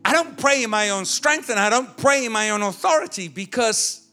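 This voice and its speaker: A man's voice: sits high, expressive, normal speed, pushed and bright, soft background music. A male pastor preaching a sermon in a conversational, illustrative way, with touches of humor. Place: church.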